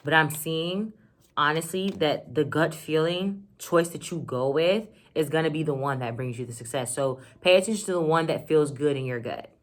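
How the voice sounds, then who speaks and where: A woman reads tarot for her viewers in a chatty, excitable, slang-heavy way. Her voice sits low for a woman, and she keeps up an easy, casual patter. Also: moderate pace. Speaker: tarot reader. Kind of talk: casual tarot reading to camera.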